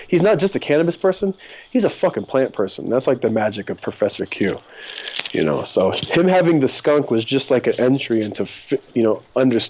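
Podcast guest, male, casual storyteller with a mellow, mid-pitched voice and lots of swearing. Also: dull audio. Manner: rambling, profane, laughs often. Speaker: podcast guest, cannabis breeder.

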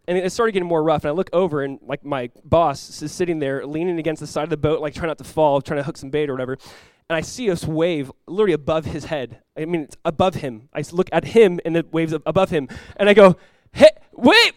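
A man, a pastor telling a lively personal story in a sermon, often laughing as he talks. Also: fairly high pitch, fast talker, smooth, no echo.

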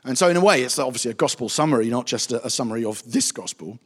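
A man, a pastor giving a chatty, anecdotal Bible teaching with animated asides. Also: medium pitch, racing, husky. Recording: reverberant hall.

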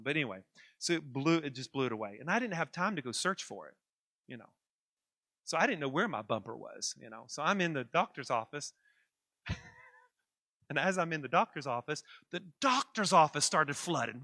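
High-voiced pastor guy telling a funny story from the pulpit, chuckling, talking to the folks. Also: a little fast, no room sound, clean studio sound. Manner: animated, chuckling anecdote telling with asides to the congregation. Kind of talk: storytelling sermon.

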